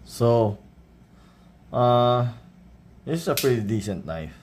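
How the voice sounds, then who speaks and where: A man with a Filipino accent doing a casual unboxing vlog, showing things off in a relaxed way and often adding a questioning "right?". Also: medium pitch, slow pace, slight background noise. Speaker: knife reviewer.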